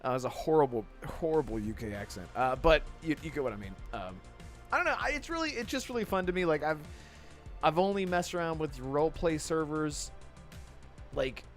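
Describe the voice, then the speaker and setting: A man hosts a laid-back gaming podcast, rambling, restarting thoughts and giving shout-outs to viewers in chat. His voice is on the high side, fairly quick, with big swings in pitch. Faint music plays behind him.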